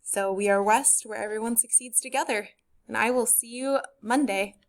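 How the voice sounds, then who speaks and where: A young woman in her twenties, from St. Louis, giving a recorded course overview as a high school chemistry teacher in a friendly, organized way with frequent ums. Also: moderate pace. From St. Louis, USA.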